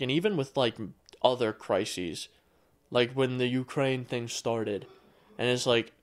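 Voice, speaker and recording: Podcast cohost guy ranting, kinda exasperated, swears casually. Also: medium pitch. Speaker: podcast co-host. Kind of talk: casual chat.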